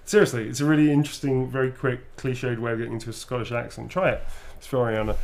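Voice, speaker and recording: During a casual livestream chat, a man signs autographs and banters playfully, putting on sultry readings of quoted lines. His medium-pitched voice barely moves in pitch, and he talks fast with vocal fry and few pauses.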